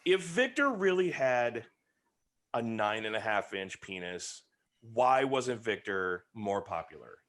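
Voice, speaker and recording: A man hosting a podcast, reviewing a film in casual chat and telling it as an animated, joking story. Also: on the low side, slow. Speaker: podcast host.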